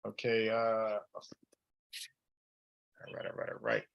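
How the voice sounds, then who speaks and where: A man's voice: on the low side, completely flat delivery, slow pace, creaky, muffled recording. A man leading an informal Bible study, talking in an emphatic, slangy, conversational way.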